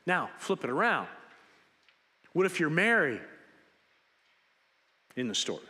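A male pastor delivers a lively sermon, slipping into the voices of the people in his Bible stories. His voice sits a little high for a man and has a bright, forceful edge. The sound rings with the long reverb of a large sanctuary. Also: unhurried. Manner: animated storytelling, acting out biblical characters.

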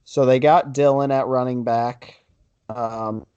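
A man's voice: mid-range voice, fairly even intonation, takes it slowly, warm tone, clear, resonant tone, dry recording, lo-fi sound. Easygoing man steering a sports podcast. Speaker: podcast co-host. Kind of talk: casual sports chat.

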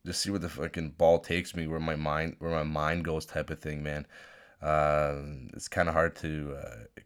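A man's voice: rumbling low, fairly bright tone. A young man hosting a solo podcast, ranting and rambling with lots of swearing and restarts. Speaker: podcast host. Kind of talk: unscripted solo rant. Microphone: phone.

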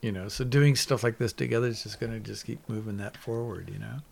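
A man's voice: fairly low pitch, steady tone, fast talker, gravelly, slight background noise. A man hosting a casual podcast chat, laid-back and agreeable, asking short questions.

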